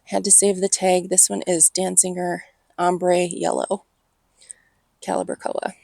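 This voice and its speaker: A woman's voice: on the low side, completely flat delivery, measured pace, gravelly, dark tone, no room sound. A woman with an Upper Midwest American accent gives a casual walking tour of her outdoor patio garden, filming on a handheld phone and muttering asides under her breath. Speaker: garden vlogger.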